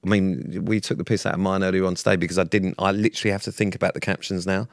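A man's voice: low voice, flat delivery, racing, no room sound. A young adult man, co-hosting a casual chat podcast and ranting with plenty of swearing. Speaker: podcast co-host.

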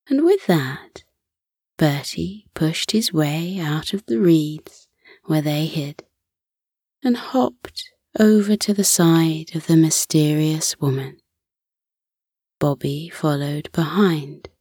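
Woman, bedtime story narrator, low voice, slow soft half-whisper, breathy. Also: no echo, studio quality.

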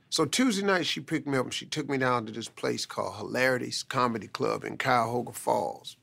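A comedian recounts his life in lively, conversational storytelling. His voice is gravelly and forceful, with a sharp, bright edge that cuts through. He slips easily into casual, colloquial phrasing. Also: mid-range voice, brisk, few pauses. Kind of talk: motivational personal storytelling.

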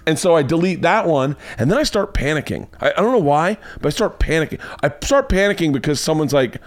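A man hosting a comedy podcast, telling a story as a loose, swearing monologue whose voice jumps higher when he gets worked up. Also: big pitch swings, a little fast, no room sound. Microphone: podcast mic.

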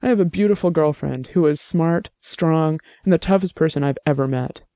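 A patient young man talks his partner through her fear, steady and reassuring with a light joking touch, as a man acts him out. His voice is a bit high yet mellow and gravelly, recorded close and dry. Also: moderate pace, dry recording, close to an everyday voice. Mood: tender, reassuring.

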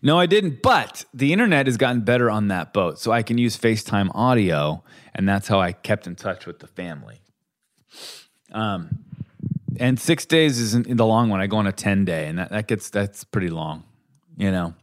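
A podcast co-host who talks in an animated, easygoing way and laughs often. His pitch swings widely through each sentence, full of expression. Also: moderate pace. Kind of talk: casual chat.

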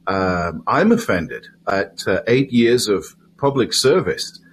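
A middle-aged man from the United Kingdom, a chaplain answering interview questions in a measured, hesitant way with many pauses. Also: on the low side, expressive, a little hiss or hum. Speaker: guest, volunteer chaplain.

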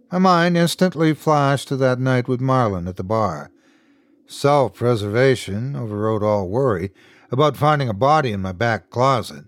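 A man reading a first-person horror story aloud as host and narrator, expressive and dramatic. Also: medium pitch, no echo.

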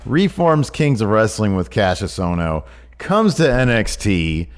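A man co-hosting a casual chat podcast, eagerly pitching ideas in an animated way. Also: measured pace. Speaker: podcast co-host.

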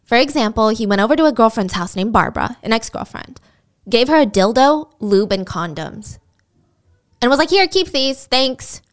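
A woman's voice: fairly high pitch, expressive, moderate pace. Chatty, sarcastic woman storyteller. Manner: chatty, sarcastic, incredulous asides. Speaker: true crime storyteller. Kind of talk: casual storytelling.

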